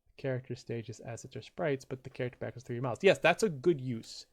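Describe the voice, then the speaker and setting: Jokey, rambling male streamer. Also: fast. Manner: jokey and rambling, jumps into loud high voices when quoting. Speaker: gaming streamer reading viewer quotes. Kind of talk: casual stream chat.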